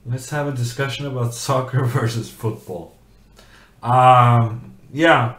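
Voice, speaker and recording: A man's voice: mid-range voice, steady tone, slow pace, a bit bright, roomy sound. A man streaming chess, chatting in a rambling way and reading viewers' questions aloud. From Norway. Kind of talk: casual commentary while playing chess.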